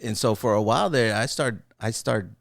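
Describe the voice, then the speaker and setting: A man in his forties with a very low voice shares parenting stories in a relaxed podcast chat. His delivery is animated, slipping into the voices of the people he quotes. The sound is dry and close, with no room echo. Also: normal speed, vocal fry. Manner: animated storyteller who acts out quoted voices. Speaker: podcast co-host. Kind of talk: casual chat.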